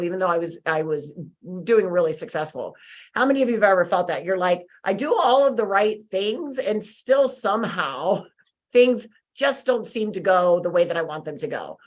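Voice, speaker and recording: A woman hosting a webinar, telling a personal story in a conversational, animated way, with fillers and restarts, acting out her own frustration. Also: on the low side. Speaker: webinar host. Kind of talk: motivational storytelling talk.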